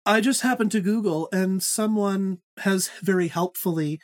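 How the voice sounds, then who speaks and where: A woman's voice: mid-range voice, normal speed. A woman hosting a podcast book quiz, playful, handing out points. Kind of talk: casual podcast chat.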